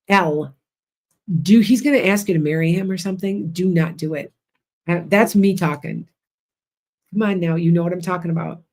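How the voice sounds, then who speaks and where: Slight background noise sits under this woman's somewhat low, slightly mellow voice. She has a Chicago Midwestern accent and hosts a laid-back livestream, rambling through frank psychic readings for her viewers.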